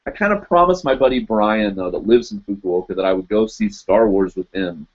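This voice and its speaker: A man hosting a live online show, chatting loosely with his viewers as he goes through their comments. He rambles through plenty of fillers and laughs now and then, in a somewhat low voice. The stream audio sounds dull and lo-fi. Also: animated, a little fast. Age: adult, teaches in Japan. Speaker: host of a live web show. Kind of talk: casual live-stream chat reading comments.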